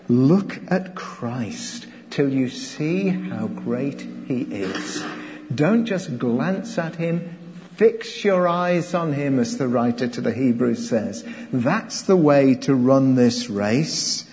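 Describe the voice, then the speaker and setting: Slow earnest preacher in an echoing hall. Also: male voice, medium pitch, expressive, a little mellow, slight background noise. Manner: earnest, exhorting, with rhetorical questions. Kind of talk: sermon. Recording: long hall reverb.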